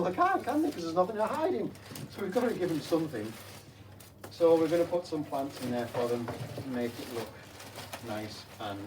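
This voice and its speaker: A man working as an aquarium technician, playfully explaining to children while he cleans a school tank, asking them questions along the way. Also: fairly high pitch. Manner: playful, chatty, asks the kids rhetorical questions. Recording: slightly distant mic with faint hum.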